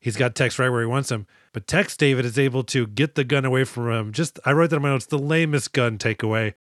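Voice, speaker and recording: A man's voice: mid-range voice, fast, fairly bright tone, no room sound, clean studio sound. A man co-hosting a podcast, retelling a movie in a casual, profane and laughing way. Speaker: podcast co-host. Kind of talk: casual movie-review chat.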